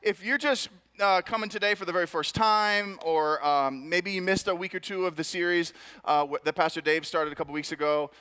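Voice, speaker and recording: A man's voice: high voice, brisk, sharp tone, clear, resonant tone. A male pastor telling a self-mocking personal story in a casual, conversational sermon.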